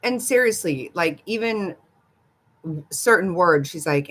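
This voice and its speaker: Speaking unhurriedly with long pauses, an older woman chats casually with her livestream viewers in a fairly low, expressive and slightly bright voice. Giggly and gossipy, she keeps answering the chat.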